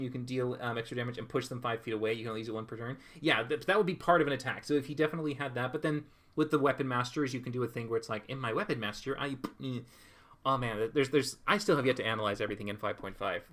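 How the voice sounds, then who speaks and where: A young Californian man streams live while drawing, chatting casually as he reads viewer comments out loud and riffs on them with laughter. He talks rapid-fire at a medium pitch, with a slightly bright tone.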